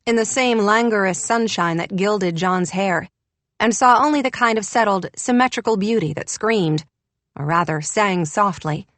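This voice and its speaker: A woman's voice: medium pitch, a bit bright, dry recording. A woman reading an audiobook in a wry, descriptive narration. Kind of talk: scripted narration.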